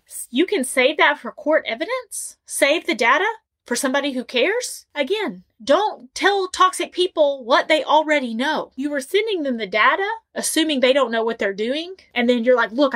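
A high-pitched woman relationship coach gives direct advice to the camera. She is emphatic and animated, repeating her points to drive them home.

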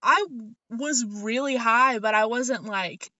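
A woman's voice: a little high, slow pace, bright, forceful tone, dry recording. Laughing young woman telling a story. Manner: laughs often while telling a story, rambling with many "like"s. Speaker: podcast co-host. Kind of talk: casual storytelling chat. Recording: slightly dull lo-fi audio, dry.

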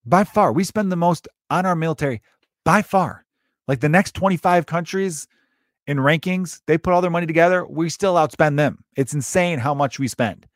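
A man's voice: a little high, no echo, studio quality. A man, talking through a loose, profane, rambling podcast monologue and often restarting his sentences. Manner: rambling, profane, self-interrupting storyteller. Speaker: podcast host. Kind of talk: casual monologue.

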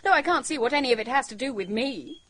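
An actress in a radio play voicing a brisk young woman who speaks in a cool, dismissive way. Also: high-pitched, expressive, a bit bright. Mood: offhand.

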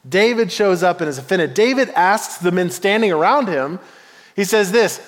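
A man's voice: high voice, normal speed, in a large hall. A man preaching a sermon, telling a story playfully and acting out the voices of its figures. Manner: animated, playful storytelling with acted quotes. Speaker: pastor.

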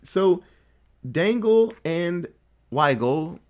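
A man casually recapping a TV episode with a co-host, telling it in an animated way and popping into quick voices for the characters. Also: sits high. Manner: animated storytelling with quick voice switches for quoted characters. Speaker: podcast co-host.

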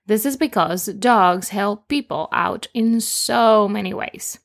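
A woman with a mid-range voice and some vocal fry co-hosts a children's lesson. She teaches simple Spanish words and tells playful jokes, speaking slowly and cheerfully.

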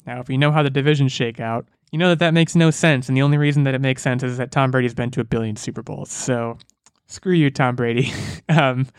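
A man hosting a casual podcast, joking and rambling in an animated way. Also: medium pitch, fast, hardly any pauses, smooth, no room sound, studio quality. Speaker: podcast host.

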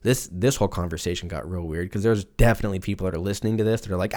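A man's voice: low voice, rapid-fire, few pauses, warm tone. A man hosting a podcast, riffing profanely in a loose, rambling comic monologue and acting out silly voices for imagined people. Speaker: podcast host. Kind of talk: casual comedic podcast monologue.

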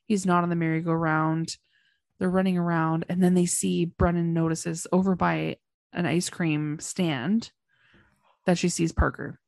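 A woman's voice: on the low side, fairly even intonation, a little slow, gravelly, darkish tone, no echo. A woman co-hosting a podcast, casually recapping a TV episode point by point in a chatty, emphatic way. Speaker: podcast co-host.

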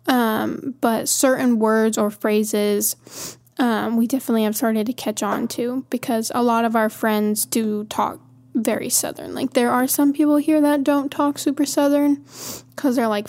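A woman's voice: a little high, gravelly, darkish tone. A woman from Montana hosting a podcast, talking in a chatty, rambling way and easily amused. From Montana, USA. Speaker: podcast host. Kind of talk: casual monologue.

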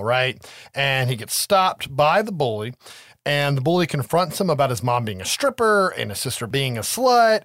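A man talks through a film's plot in a loose, profane way, his voice climbing and dipping with a lot of life. He sits a touch higher than most men, and the sound is dry and close with no room around it. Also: dry recording. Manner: profane, animated storytelling with quoted voices. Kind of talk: casual movie recap chat.

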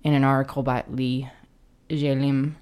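A woman's voice: rumbling low, flat delivery, a little slow, a little mellow, smooth. A woman co-hosting a casual film podcast, hesitant, with many fillers and restarts, often reading quotes aloud. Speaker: podcast co-host.

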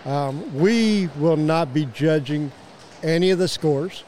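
A man's voice: on the high side, slow, darkish tone, a little hiss or hum. A man with a Midwestern American accent who organizes youth archery, explaining tournament logistics in casual conversation. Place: outdoor venue at a fairgrounds.

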